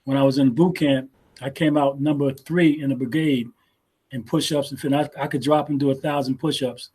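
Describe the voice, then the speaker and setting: A man's voice: mid-range voice, steady tone, normal speed, a little mellow, husky. A man in his sixties, a martial arts teacher and guest, telling stories in a casual interview in a laid-back way, often repeating words as he restarts.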